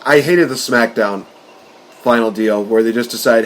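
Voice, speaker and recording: A man co-hosting a podcast, talking in an excitable, rambling way and laughing often. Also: mid-range voice, normal speed. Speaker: podcast co-host. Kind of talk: casual wrestling chat.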